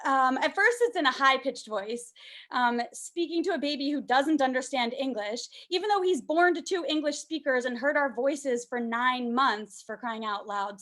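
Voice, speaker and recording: Brief: young woman from canada, high voice, stand-up set, self-deprecating, lots of ums. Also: normal speed, a bit bright. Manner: self-deprecating, fillers like um, high sing-song put-on voices for baby talk. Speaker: stand-up comedian.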